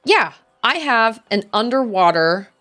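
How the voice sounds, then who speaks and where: A woman's voice: fairly high pitch, big pitch swings, a little slow, a bit bright, faint music behind. A woman in her thirties chatting casually while streaming a game, telling family stories and acting out quoted voices. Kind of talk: casual gameplay chat.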